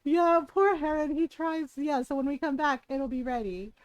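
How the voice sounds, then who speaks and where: A woman's voice: high-pitched, normal speed, dry recording, low-quality recording. A woman streaming a game live, chatting and giggling as she rambles about the story. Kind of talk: live gameplay commentary.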